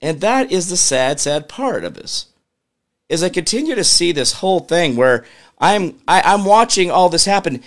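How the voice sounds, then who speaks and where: The host of a political commentary show, a man with a high-pitched, slightly bright voice, speaks at normal speed with animated delivery. Exasperated, he rants and peppers his audience with questions, muttering to himself as he operates a computer.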